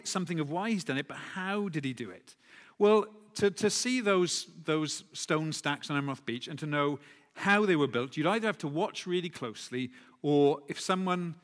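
A man's voice: a little high, fairly bright tone. A man preaching a sermon in a conversational way, with self-corrections and asides. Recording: long hall reverb.

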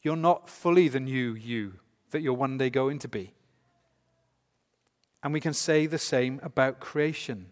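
A man's voice: mid-range voice, unhurried. A man preaching a sermon to a congregation, emphatic and full of rhetorical questions. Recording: long hall reverb.

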